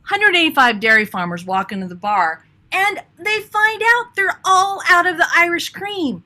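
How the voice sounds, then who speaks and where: A woman improv player telling quick jokes and playfully acting out the punchlines. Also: very high-pitched, sing-song, sharp tone.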